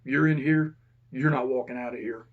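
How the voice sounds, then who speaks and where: A man voicing a tense male inmate who talks in a hushed, urgent, profane way. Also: mid-range voice, fairly even intonation, normal speed, phone-quality sound, close to an everyday voice.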